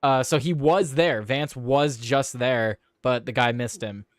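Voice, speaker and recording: A man's voice: mid-range voice, a little slow, no room sound. A man hosting a political live stream, reading news stories aloud in a casual way, with fillers and offhand swearing. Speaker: host of a political live show.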